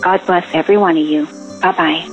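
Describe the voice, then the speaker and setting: A woman from Alberta, Canada calls in with warm encouragement, pausing often with ums. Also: fairly low pitch, steady tone, faint music behind. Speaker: caller. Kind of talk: phoned-in encouragement. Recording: dull lo-fi phone line.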